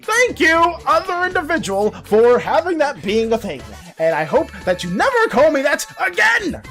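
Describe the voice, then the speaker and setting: A woman art streamer chatting casually on a live stream, excitable, laughing often and swearing. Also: high-pitched, moderate pace, soft background music.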